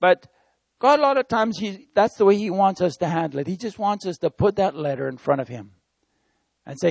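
A man's voice: sits high, animated, moderate pace, creaky, no room sound. A man who works as a missionary, preaching an informal sermon in an earnest, conversational way and speaking to listeners as friends.

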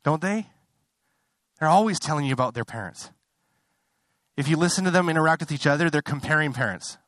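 A young male pastor preaches in an animated, slightly fast voice with a fairly bright tone on a dry recording. His sermon is conversational but climbs into impassioned, high-pitched fervor, and he interrupts himself with apologetic asides.

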